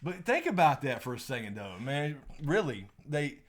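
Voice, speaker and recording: A man's voice: medium pitch, big pitch swings, normal speed. A young man hosting a live stream Q&A, chatting casually, rambling, laughing often and swearing.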